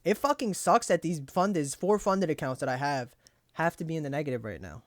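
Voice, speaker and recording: A man's voice: a little high, animated, a little fast, no room sound, studio quality. A young man casually reviewing his trades aloud, cursing freely and talking himself through frustration. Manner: profane, frustrated self-talk, pep-talks himself. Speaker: trading journal host.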